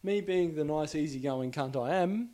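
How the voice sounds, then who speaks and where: A rambling Australian man rants away in casual, profane talk, tripping over his own restarts in exasperation. His voice sits a little higher than most men's. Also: normal speed, dark tone. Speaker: podcaster. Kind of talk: casual rant.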